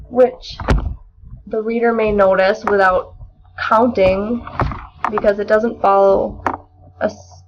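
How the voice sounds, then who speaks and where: Young woman with a gravelly voice. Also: mid-range voice. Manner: measured, explanatory, occasional restarts. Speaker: student presenter. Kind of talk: poetry analysis lesson. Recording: dull lo-fi recording.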